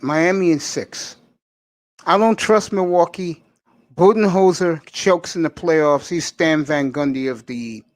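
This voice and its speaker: New sports-talk host, blunt and opinionated, slightly high male voice, dry close recording. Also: no room sound. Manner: opinionated, emphatic, talks to fans directly.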